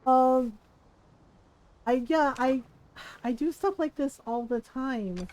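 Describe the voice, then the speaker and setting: High-voiced woman, chatty game streamer. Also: slow pace, darkish tone. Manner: rambling, self-deprecating storytelling with frequent laughter. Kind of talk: casual chat while streaming a game.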